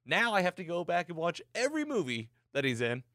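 Excited man recapping, dry sound. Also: high-pitched, a little fast, dry recording. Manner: excited, animated storytelling. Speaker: podcast host recapping a TV episode. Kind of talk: casual podcast chat.

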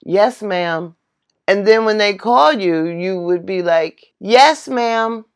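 A middle-aged woman telling a personal story in a casual monologue, emphatic and animated, laughing now and then. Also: medium pitch, slow pace, smooth. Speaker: vlogger.

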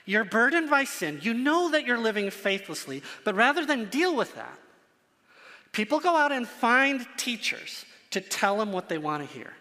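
A man's voice: very high voice, very animated, moderate pace, bright, forceful tone, big-room sound. A man preaching a sermon to his congregation, earnest and emphatic, repeating phrases for stress. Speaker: pastor.

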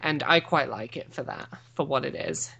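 A woman's voice: rumbling low, big pitch swings, vocal fry, fairly bright tone, husky, muffled recording. Woman giving casual film opinions. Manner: opinionated, reviews films in a measured way. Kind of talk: casual chat.

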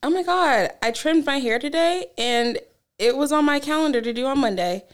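A woman's voice: sits high, lively intonation, moderate pace. A young woman co-hosting a podcast in casual chat, telling stories animatedly, swearing freely and laughing often. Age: young adult. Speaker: podcast co-host.

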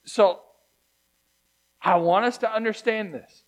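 Taking it slowly in a high-pitched voice, a man delivers a sermon as pastor of his church. He is conversational yet emphatic, shifting between loud and hushed.

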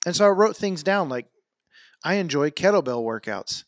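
A man's voice: on the high side, moderate pace, no echo. Man, casual fitness vlog, chatty and rambling, dry sound. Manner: rambling, animated storytelling with many fillers. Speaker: vlogger.

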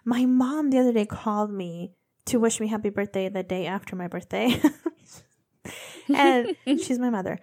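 A young woman with a fairly high voice co-hosts a podcast in quick, chatty bursts, full of "like." She also moves into narrating a true crime story. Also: darkish tone. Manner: quick, chatty, says "like" a lot. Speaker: podcast co-host.

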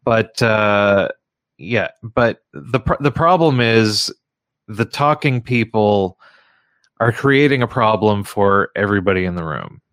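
A man hosting a casual radio talk show, speaking in a halting way with frequent restarts and fillers. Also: fairly low pitch, lively intonation, a bit bright, no echo, clean studio sound. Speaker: radio show host and comedy show runner.

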